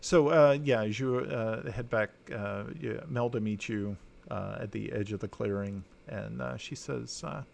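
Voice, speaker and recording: Gm narrating a tabletop game, guy with a gravelly voice, lots of ums and uhs. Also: lowish voice, a little hiss or hum. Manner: halting, many fillers and restarts. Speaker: dungeon master.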